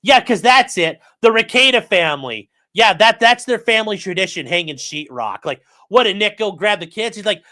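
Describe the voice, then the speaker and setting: A man's voice: high voice, sing-song, normal speed, hardly any pauses, pushed and bright. A man hosting his channel, mocking a court filing in profane, incredulous commentary and talking to his live chat. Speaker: channel host.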